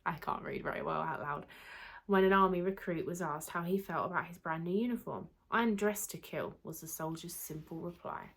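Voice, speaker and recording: A young woman with a British accent chatting casually on her vlog, rambling and laughing at herself, a little hoarse as she loses her voice. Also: on the low side, fairly quick. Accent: British English. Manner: chatty, rambling, self-deprecating, light laughter. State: slightly losing her voice. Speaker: YouTuber. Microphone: camera mic under a ring light.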